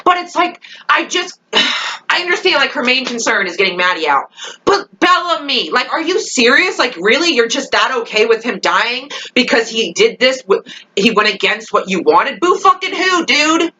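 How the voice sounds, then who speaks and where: A young woman rants straight to camera, exasperated and swearing as she rambles through her thoughts. Her voice is bright and forceful and sits a little high, and her talk is full of restless fillers. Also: expressive, normal speed, a little hiss or hum, rough recording. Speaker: vlogger reacting to a TV episode. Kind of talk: ranting casual monologue.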